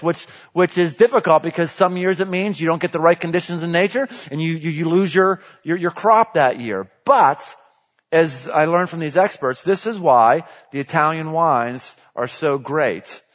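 A man preaching a sermon as a pastor, animated, moving between quiet passages and loud emphatic ones. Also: fairly high pitch, moderate pace. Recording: dull audio with long hall reverb.

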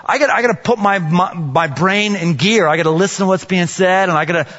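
A man preaches to his congregation in a lively, joking way, slipping into acted-out voices for the people in his stories. His voice sits a little high for a man. The sound is dull and rings with a long reverb from a large church hall. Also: fast. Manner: animated, joking, acts out voices. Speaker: pastor. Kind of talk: sermon.

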